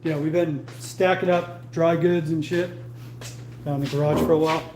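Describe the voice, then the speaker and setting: A man's voice: on the high side, steady tone, normal speed. A man co-hosting a casual livestream from home, loose and profane, laughing often. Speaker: livestream co-host. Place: home, garage area. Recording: echoey room with faint noise.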